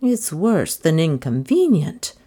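A timid housemaid who frets and pleads in a plaintive voice, sure the house is haunted. A woman narrator puts her on, and the voice sounds set back from the mic. She is lively in pitch. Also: slow, breathy edge, heavily acted. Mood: fretful pleading. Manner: pleading, fretful.

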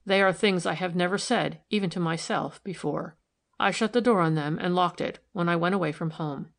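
A man's voice: sits high, normal speed, vocal fry, fairly bright tone. A woman reading a sober, wistful young man. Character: troubled young man confiding in a visitor. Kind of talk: audiobook character reading.

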